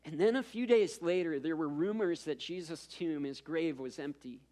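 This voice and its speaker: A man's voice: a little high, moderate pace, dark tone. A man preaching a sermon as pastor, telling a story in a conversational way with self-deprecating asides and repeated words as he builds up.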